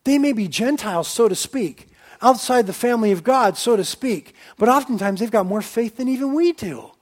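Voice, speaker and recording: A man preaching a sermon with a voice pitched higher than most men's. He explains patiently and reflectively. He often drops into a quieter, softer register to make a point. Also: lively intonation, normal speed.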